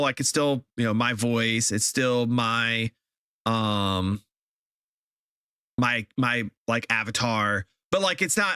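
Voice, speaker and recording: A man's voice: medium pitch, pushed and bright, clean tone, no room sound, clean studio sound. A man live-streaming a game, chatting casually with viewers and ranting in exasperation, often repeating himself.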